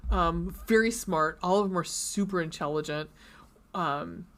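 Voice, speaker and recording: A woman's voice: on the low side, a little slow. A woman co-hosting a casual book podcast, rambling with lots of ums and restarts. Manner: rambling, many fillers and restarts. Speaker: podcast co-host. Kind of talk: casual chat.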